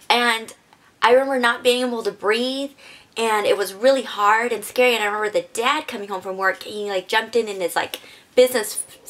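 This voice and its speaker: A woman's voice: medium pitch, fairly bright tone. A woman beauty vlogger telling an emotional personal story to her viewers in a casual, rambling way. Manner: casual, rambling, heavy use of "like"; earnest, emotional.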